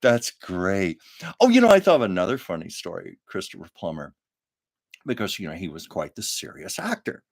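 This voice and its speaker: A man's voice: deep voice, very animated, normal speed, vocal fry. A man hosting a live stream, telling show-business anecdotes in a casual, chatty way, laughing often and stopping to read viewers' comments aloud. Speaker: livestream host. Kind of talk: casual storytelling to a live chat. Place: home livestream.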